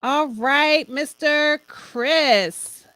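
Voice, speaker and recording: A woman hosts a casual comedy show and cheers her guests on. Her voice sits fairly high. The sound is dry and close. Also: extremely slow, a bit bright, no room sound. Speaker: host.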